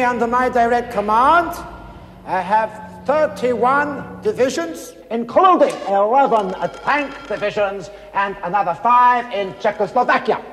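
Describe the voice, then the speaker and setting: A man's voice: very high voice, fairly bright tone, a little hiss or hum. An actor playing a male Soviet general briefing a war plan in a German-sounding accent, in a clipped military manner, heard in a film clip with reverb and music behind. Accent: German-sounding put-on accent.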